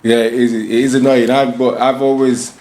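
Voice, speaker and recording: A man's voice: mid-range voice, little pitch movement, normal speed, a little mellow, a little hiss or hum. A man with a Sheffield accent, co-hosting a podcast in casual chat, reasoning steadily and agreeing. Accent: Sheffield English. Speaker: podcast co-host. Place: podcast studio.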